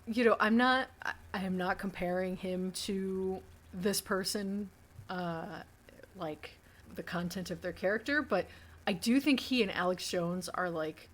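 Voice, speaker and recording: A woman's voice: mid-range voice, measured pace. A young woman co-hosting a podcast, talking in casual, rambling chat with lots of fillers. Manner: chatty, rambling, many fillers. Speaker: podcast co-host.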